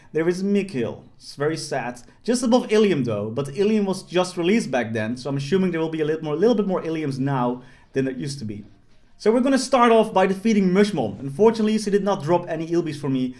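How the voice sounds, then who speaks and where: A young man with a fairly high voice narrates his gameplay in a loose, joking voice-over. He rambles with lots of fillers and restarts, like a gaming host chatting to his viewers from his desk. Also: darkish tone. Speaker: gaming YouTuber. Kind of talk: casual gameplay commentary.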